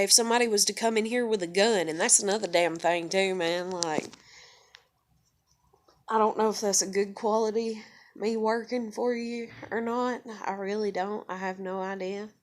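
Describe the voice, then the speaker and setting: Swearing woman rambling casually. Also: mid-range voice. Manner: rambling, heavy swearing, many fillers. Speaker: vlogger. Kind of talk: casual personal monologue.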